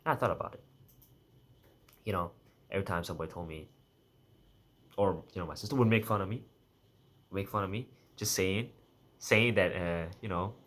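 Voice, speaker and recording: In a casual monologue about himself, a young vlogger wanders from thought to thought, self-correcting and half-joking. His low voice, slightly bright, moves at normal speed with long pauses.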